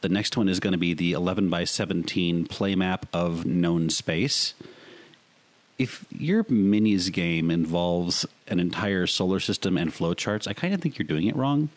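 A man's voice: deep voice, measured pace. A man hosting a podcast, chatting in a jokey way and asking listeners for donations. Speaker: podcast host. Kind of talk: casual podcast chat.

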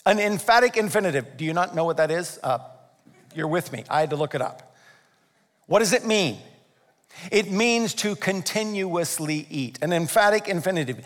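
A high-voiced man preaches with animated energy, acting out voices and tossing questions to the congregation. His words carry a long reverb from a church sanctuary. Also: normal speed. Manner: animated, acts out voices, asks the audience questions. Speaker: pastor. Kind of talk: sermon.

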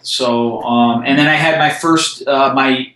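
A man co-hosting a casual hobby podcast over a video call, relaxed and agreeable with hesitant fillers. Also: mid-range voice, a little slow, roomy sound, rough recording. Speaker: podcast co-host.

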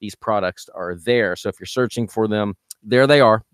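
A man's voice: lowish voice, normal speed, smooth, no room sound, clean studio sound. A man hosting a podcast as a vocal coach, giving casual advice with energy and repeating his key points.

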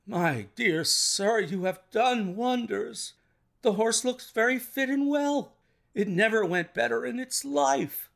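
A man voicing an agitated older male colonel, a racehorse owner, in a storybook reading, talking in excited, indignant exclamations. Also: high-pitched, normal speed, vocal fry, pitched above the performer's own voice, full character voice. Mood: effusive.

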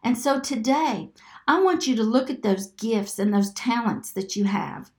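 A woman hosting a podcast, preaching with devotion and leading listeners through slow, earnest declarations to repeat after her. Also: fairly high pitch, animated. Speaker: podcast host. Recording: echoey room with faint music behind.

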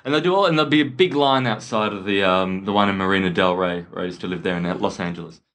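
Brief: Australian male co-host, lowish voice, relaxed banter. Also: fast. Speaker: podcast co-host. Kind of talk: casual chat.

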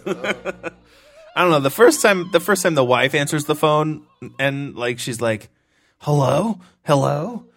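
A man's voice: a little high, slow, pauses often, fairly bright tone. A man co-hosting a casual film podcast, pushing back critically in debate. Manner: argumentative, critical. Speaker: podcast co-host.

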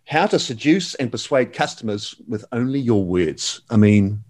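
A man's voice: medium pitch, animated, moderate pace, darkish tone. Enthusiastic man, slangy. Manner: enthusiastic, slangy, calls the host mate. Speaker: guest. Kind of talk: casual interview chat.

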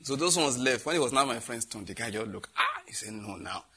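A middle-aged Nigerian man preaching, telling a lively story and acting out the voices of the people in it, laughing often. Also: medium pitch, quick pace, breathy edge. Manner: animated, acts out voices in anecdotes, laughs often. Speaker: pastor. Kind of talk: storytelling sermon.

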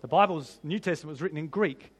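A man preaching a sermon, animated and humorous, often laughing and piling up rhetorical questions. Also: on the high side, fast, husky.

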